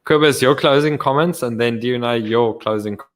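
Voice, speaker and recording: A man's voice: mid-range voice, moderate pace. A man hosting a casual podcast chat, swearing freely and restarting words with stammers as he talks. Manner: profane, stammering restarts, laughs often. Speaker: podcast host. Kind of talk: casual chat over drinks.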